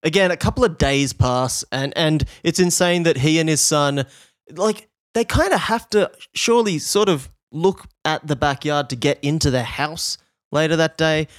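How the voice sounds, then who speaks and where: A man's voice: a little high, normal speed, no room sound. Self-deprecating man on a dry mic. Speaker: podcast co-host. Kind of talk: casual chat.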